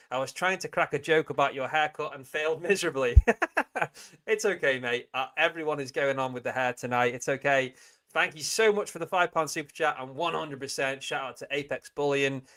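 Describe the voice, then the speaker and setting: Male stream host, slightly high pitch, loose and chatty, laughs easily. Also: fairly bright tone. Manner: chatty, giggly, reads chat comments aloud. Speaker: livestream host. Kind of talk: casual live-chat stream.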